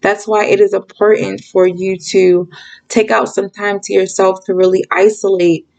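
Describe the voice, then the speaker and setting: A woman's voice: mid-range voice, gravelly, poor audio. A woman giving viewers frank tough-love advice in a casual monologue, often checking in with "okay?" and "you guys". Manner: talks fast when excited, acts out quoted voices. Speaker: spiritual reader and channel host.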